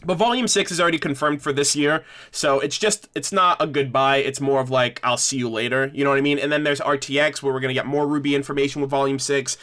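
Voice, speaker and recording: A man's voice: mid-range voice, fairly even intonation, fast, hardly any pauses, fairly bright tone. A young man hosting a casual livestream discussion, rambling with many restarts as he thanks viewers. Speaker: livestream host.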